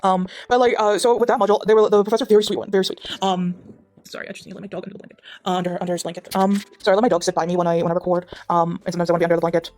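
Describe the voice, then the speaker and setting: With soft music in the background, a gaming vlogger from Durban chats over her game at home, her dog beside her. Her South African-accented voice is fairly low, steady and slightly mellow, and she talks very fast, rambling with many restarts and fillers.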